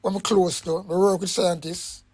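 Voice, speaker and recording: A Jamaican man with a notably high voice hosts and introduces an interview. He talks in a passionate, rambling patois, circling back over his points. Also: level tone, moderate pace, a little mellow, breathy edge. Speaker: host.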